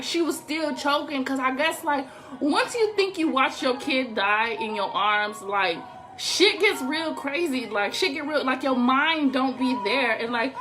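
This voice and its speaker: A young woman telling a story to her viewers in a casual, animated, profane way with laughing asides. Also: high voice. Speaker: storytime vlogger.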